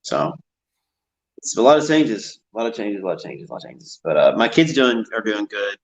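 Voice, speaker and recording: A man's voice: fairly low pitch, very animated, fairly quick, a little hiss or hum, rough recording. A man talking in a casual chat, rambling and repeating himself.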